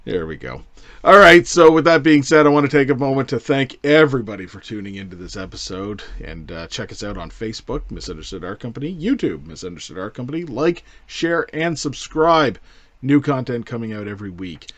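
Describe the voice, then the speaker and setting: A man's voice: medium pitch, a little fast, no echo. A man hosting a casual movie podcast, talking loosely and with some swearing. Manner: loose, profane, animated delivery. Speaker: podcast host.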